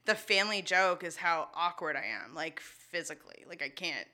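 A woman raised in New Brunswick, Canada, talks casually as a podcast guest and tells her stories in a loose, chatty way, with "like" filling her sentences. Her voice is bright and forward. She sits a little low for a woman. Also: normal speed. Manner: chatty storyteller, heavy use of "like". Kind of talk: casual interview chat.

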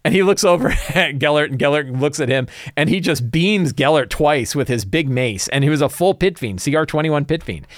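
A man's voice: a little high, lively intonation, normal speed, few pauses, dry recording, clean studio sound. A man hosting a show, casually recapping a tabletop campaign as game master, rambling with many fillers and restarts.

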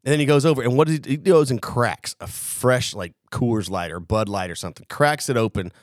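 A man's voice: medium pitch, brisk, dry recording. Profane storytelling man, dry close sound. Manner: animated, profane, acts out quotes. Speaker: podcast co-host. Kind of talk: casual storytelling chat.

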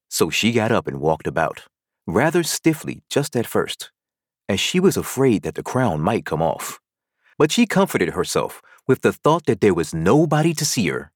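A man narrating a classic children's story as a volunteer reader, with expressive storytelling. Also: low voice, normal speed, no room sound, studio quality. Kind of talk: audiobook narration.

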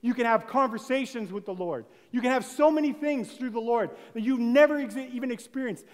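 A man preaching a sermon in a fervent, conversational way, building from hushed tones to loud bursts and firing off rhetorical questions. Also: extremely high pitch, fairly quick. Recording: long hall reverb.

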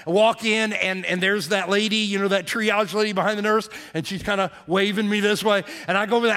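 A middle-aged man preaching a sermon, telling a story vividly and acting out the voices, sometimes dropping to a hush. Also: high-pitched, a little fast, gravelly. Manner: animated storyteller, acts out quotes, drops to hushed tones. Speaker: pastor. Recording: live in a reverberant church hall.

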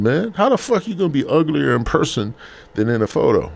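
A man's voice: a little high, sing-song, fairly quick, gravelly. A man hosting a podcast from his bed at home, talking casually in a rambling, profane, slangy way. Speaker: podcast host.

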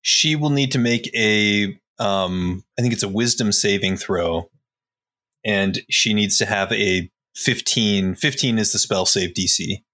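A man's voice: fairly low pitch, a little slow, sharp tone. A man playing a tabletop game, eagerly explaining his spell and its rules at length. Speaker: player. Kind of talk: casual tabletop game play.

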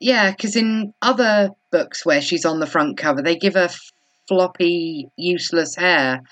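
A woman co-hosting a casual book podcast with a wry, sarcastic wit. Her voice sits slightly low. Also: measured pace, a bit bright. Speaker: podcast co-host. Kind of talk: casual chat recapping a book.

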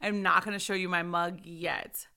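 A woman in her thirties hosting a casual, heartfelt Christian talk show, lively and laughing often, speaking into a microphone. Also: on the low side, moderate pace, creaky. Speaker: host of a Christian ministry video show. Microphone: microphone in front of her.

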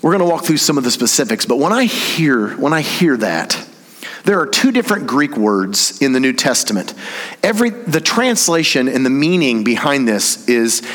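A mid-range, slightly bright male voice belongs to a pastor giving a sermon at a church service. He talks casually through a verse's grammar, teasing his audience as he goes, while the sanctuary's long hall reverb lingers.

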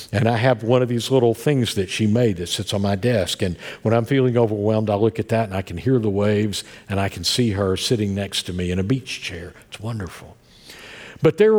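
A man preaching a sermon as pastor, telling stories with self-deprecating humor and a husky voice. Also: mid-range voice, a little mellow. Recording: long hall reverb.

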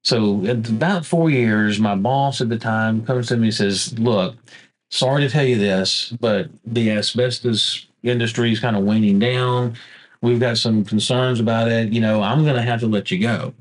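A man's voice: mid-range voice, normal speed. A man, an attorney guest, telling his story and acting out the dialogue as he goes. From Southeast Texas. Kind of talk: storytelling conversation.

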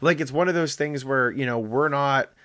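A man's voice: medium pitch, normal speed, fairly bright tone, dry recording, clean studio sound. Rambling man in casual sports chat. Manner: rambling, self-deprecating, many restarts. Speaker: podcast co-host.

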